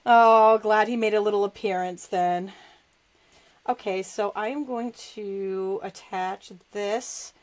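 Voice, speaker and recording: A woman's voice: mid-range voice, fairly even intonation, slow pace, rough recording. A woman hosts a live crafting lesson, talking as she works with her hands. She is chatty and self-deprecating, and she laughs often. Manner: talks while working with her hands. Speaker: crafting show host.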